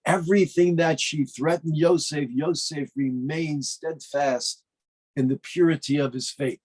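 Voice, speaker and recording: A man's voice: fairly high pitch, steady tone, a little slow, a little mellow, breathy edge, rough recording. A man, a rabbi, giving a sermon in an emphatic manner that rises to fervent declarations.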